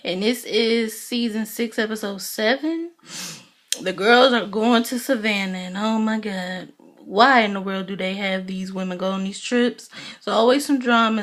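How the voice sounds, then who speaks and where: A woman giving a casual, opinionated recap of a reality TV episode, talking in slang and playing out other people's lines in exaggerated high voices. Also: fairly bright tone. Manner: sassy, opinionated, talks in slang. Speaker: TV show reviewer.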